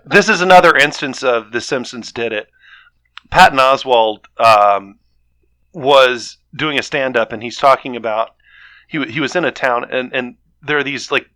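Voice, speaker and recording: A man's voice: medium pitch, normal speed, sharp tone, no room sound. A man from Germany, a guest on a podcast, chatting casually and rambling with lots of restarts. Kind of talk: casual chat.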